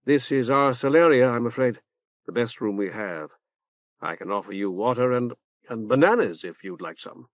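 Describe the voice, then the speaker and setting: A man voicing an earnest young male priest who speaks softly and formally. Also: medium pitch, expressive, moderate pace, dry recording, natural voice. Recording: dull dry tape transfer.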